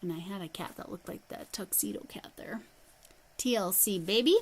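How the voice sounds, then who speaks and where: A woman's voice: mid-range voice, normal speed, breathy edge, low-quality recording. A middle-aged woman hosting a casual livestream, chatting and reading viewer comments as she goes through yarn. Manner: chatty, reads viewer comments aloud, handles yarn while talking. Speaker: livestream host.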